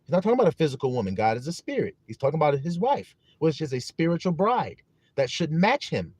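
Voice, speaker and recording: A man's voice: on the high side, very animated, quick pace, darkish tone, slightly rough, no echo. A man preaching a sermon on a live stream, emphatic and often asking listeners whether they understand. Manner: emphatic, repeats questions to listeners; greets viewers in chat. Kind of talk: livestream sermon.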